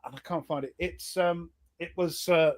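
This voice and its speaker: A man on a live video call chats loosely, a bit higher than most men. He jokes at his own expense and wanders through his thoughts with fillers and restarts. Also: steady tone, moderate pace. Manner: jokey, self-mocking, rambling with fillers. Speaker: panelist. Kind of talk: casual chat on a live stream.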